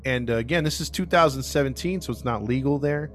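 A man hosting a true crime podcast, telling the case in a casual, animated way and acting out what people said. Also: mid-range voice, fast. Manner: animated, acts out quoted people, laughs often. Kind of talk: casual storytelling.

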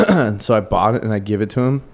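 A man's voice: fairly low pitch, fast talker, slight background noise. A young man co-hosting a casual podcast, telling stories in a loose, swearing way and acting out the people in them. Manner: swearing, animated storyteller who acts out shouted quotes. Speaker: podcast co-host. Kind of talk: casual storytelling chat.

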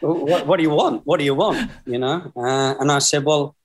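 A man's voice: on the high side, moderate pace. A man in his sixties with an Australian accent, a guest telling long, rambling stories and chuckling through them over a video call. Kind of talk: casual storytelling.

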